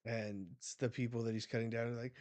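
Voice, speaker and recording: A man hosting a live manga reaction, retelling the chapter excitedly and swearing as he goes. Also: medium pitch, fast, no echo.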